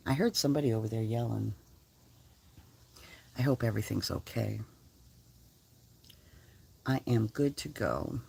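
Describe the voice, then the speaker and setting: A woman's voice: extremely low pitch, measured pace, gravelly, long pauses, slightly rough. An older woman talking casually on her vlog, blunt and profane, telling stories with lots of energy. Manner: blunt, profane, animated storytelling. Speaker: vlogger. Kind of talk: casual chat. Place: lives in a converted school bus.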